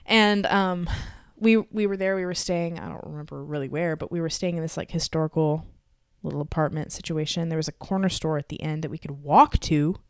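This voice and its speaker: A woman from Texas with a Texan accent, co-hosting a podcast and telling family stories in an animated, casual way with some swearing. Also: deep voice, brisk, hardly any pauses, clean tone, dry recording, studio quality. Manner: animated storytelling with swearing and laughter. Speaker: podcast co-host. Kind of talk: casual chat.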